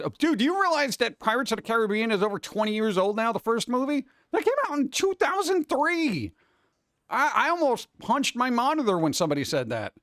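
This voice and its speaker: A man's voice: extremely high pitch, sing-song, fairly quick, a bit bright, no room sound, studio quality. A man hosting a casual live stream, chatting with his viewers in a rambling, jokey way and jumping from topic to topic. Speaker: cartoon creator and streamer host. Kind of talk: casual chat with a live chat audience.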